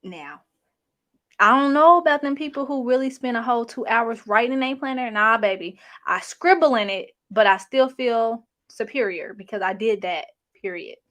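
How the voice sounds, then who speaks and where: A woman's voice: fairly high pitch, moderate pace, a bit bright. A young adult woman hosting a casual livestream, reading chat comments in a chatty, sassy, slangy way. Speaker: channel host reading live chat.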